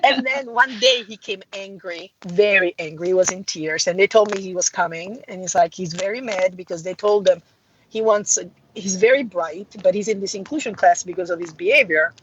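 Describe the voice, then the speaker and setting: A woman, a middle school art teacher, telling classroom stories in casual chat and acting out the voices of the people she quotes. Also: moderate pace. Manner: animated, acts out quoted dialogue with big pitch jumps. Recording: slightly dull audio with faint noise.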